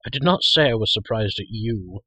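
Reader as a severe very old master; low, husky, curt. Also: male voice, animated, moderate pace, pushed and bright, no echo, heavily acted. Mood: stern. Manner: stern, clipped. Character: ancient stern bearded old man, master of farm.

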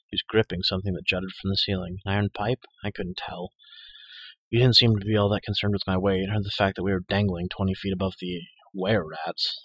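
Deep guy reading a dark fantasy audiobook, forceful tone, dry close sound. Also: breathy edge, no echo, muffled recording. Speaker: audiobook narrator. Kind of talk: first-person audiobook narration.

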